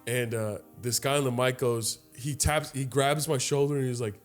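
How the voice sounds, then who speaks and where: A man's voice: mid-range voice, moderate pace, faint music behind. A man in his late twenties co-hosting a podcast, telling a story in casual chat, swearing freely and acting out other people's voices. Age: late 20s. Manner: animated, profane, acts out voices in stories. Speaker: podcast co-host.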